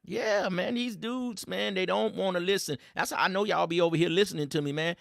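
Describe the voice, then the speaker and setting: A man's voice: high voice, a little fast, gravelly, a bit bright, no room sound, clean studio sound. A man hosting a casual commentary show, mocking and teasing his audience in slangy speech. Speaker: host.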